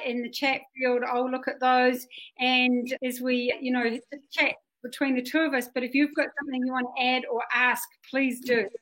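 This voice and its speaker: A woman's voice: sits high, a bit bright, low-quality recording. A woman hosting a live-streamed interview over a video call. She introduces her guest in a friendly way, using lots of filler "uh"s. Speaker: host.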